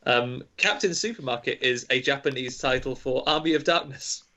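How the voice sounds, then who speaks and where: A man's voice: medium pitch, moderate pace, sharp tone, lo-fi sound. A man running a casual podcast quiz, reading out clues in a playful, teasing way. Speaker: quizmaster.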